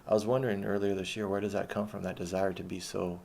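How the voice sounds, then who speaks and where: A man's voice: low-pitched, flat delivery, fast, vocal fry, a little mellow, a little hiss or hum. A man around thirty telling a personal story in a rambling, casual monologue with frequent restarts and swearing.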